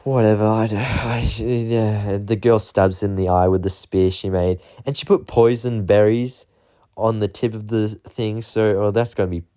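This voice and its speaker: A low-pitched man with a warm, relaxed tone talks through a film recap in an offhand, rambling way. His voice is smooth and clean, and he fills his sentences with casual fillers. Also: normal speed. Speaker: movie reviewer.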